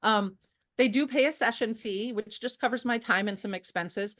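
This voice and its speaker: Chatty woman with a high voice. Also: normal speed, dry recording, clean studio sound. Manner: animated storyteller, many fillers and restarts. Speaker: guest photographer. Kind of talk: casual interview storytelling.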